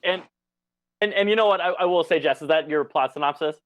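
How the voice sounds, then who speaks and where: A man co-hosting a podcast, chatting in an excitable, stammering way. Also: fairly high pitch, quick pace. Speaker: podcast co-host. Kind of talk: casual chat.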